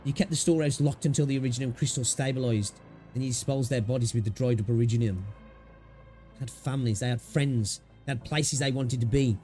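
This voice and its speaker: A man's voice: mid-range voice, a little fast, warm tone, soft background music, natural voice. A man voicing a grim, vengeful young infected woman investigator, speaking coldly and accusingly. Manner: cold and accusing.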